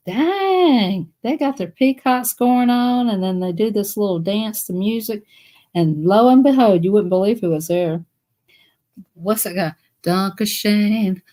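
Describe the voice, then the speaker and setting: A woman with a Southern US accent chatting on a live stream, telling rambling stories and laughing between phrases. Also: mid-range voice. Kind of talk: casual storytelling to viewers.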